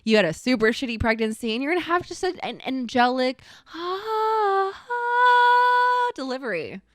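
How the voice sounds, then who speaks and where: A woman's voice: high voice, very animated, moderate pace, dry recording, studio quality. A young woman co-hosting a podcast, telling a story in a casual chat and acting out the quotes with shrieks. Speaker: podcast co-host.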